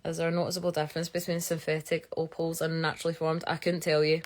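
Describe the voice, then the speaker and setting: A woman's voice: deep voice, monotone, fast. A young Scottish woman, a geologist, chatting casually on a live stream, answering viewer questions in a rambling way with lots of fillers. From Scotland. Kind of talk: casual live-stream chat reading comments.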